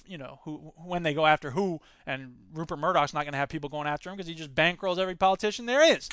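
A man hosting a solo podcast, reading news items aloud and commenting on them with sarcasm and quick jumps between topics. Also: high-pitched, pushed and bright, clean tone, dry recording. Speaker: podcast host.

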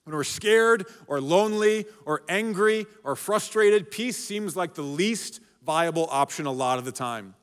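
A man's voice: high-pitched, lively intonation, measured pace, hardly any pauses, clear, resonant tone. A man preaching a sermon as pastor, conversational and often checking in with the congregation. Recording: echoey hall reverb.

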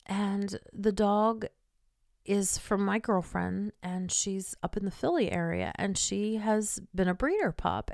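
A personal story comes from an older woman hosting a podcast, told emotionally with occasional drops to a whisper in its tender moments. Her voice is fairly low with vocal fry, recorded in clean studio sound with no room sound.

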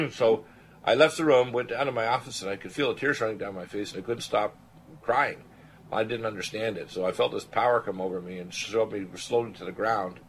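There's slight background noise as this older Canadian man, a radio show host, shares a personal story in a fairly low voice at a somewhat quick pace. He's earnest and animated, voicing the people he quotes.

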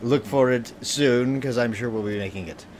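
A man chatting casually as a podcast guest, laid-back and quick to laugh. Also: medium pitch, darkish tone, a little hiss or hum. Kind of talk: casual chat.

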